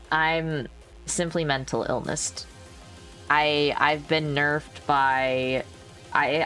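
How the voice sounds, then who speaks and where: A woman's voice: extremely low pitch, creaky, a bit bright. A woman livestreaming casual chat, rambling, laughing often and swearing freely into a new microphone. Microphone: new desk microphone.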